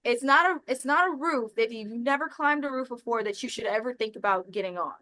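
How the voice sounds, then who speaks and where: A woman's voice: a little high, fast, low-quality recording. A woman with a Texan accent, a podcast guest who tells a story casually and acts out the people in it. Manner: animated, acts out voices in her stories with laughs. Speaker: podcast guest, roofing business owner.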